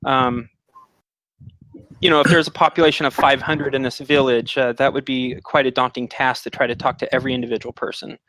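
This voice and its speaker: A man's voice: mid-range voice, flat delivery, brisk, sharp tone, dry recording, low-quality recording. A man narrating a tabletop game as dungeon master, explaining rules with many filler words.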